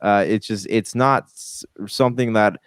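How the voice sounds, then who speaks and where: A lower-voiced man talking casually on a podcast, the sound dry and close. He hesitates often, filling gaps with ums and restarting his thoughts. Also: measured pace, clean tone, no room sound. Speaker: podcast co-host. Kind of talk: casual pop culture chat.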